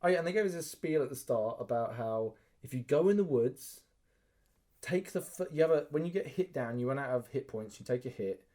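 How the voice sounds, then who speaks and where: A man's voice: medium pitch, animated, a little fast, dark tone. A man, co-hosting a podcast and telling stories animatedly, swearing and acting out quotes. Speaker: podcast co-host. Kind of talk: casual chat, storytelling.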